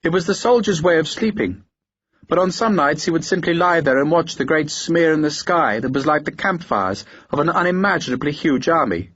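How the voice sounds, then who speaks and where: A man reading a historical war novel in a steady, measured audiobook narration. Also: a little high, husky, dry recording, muffled recording.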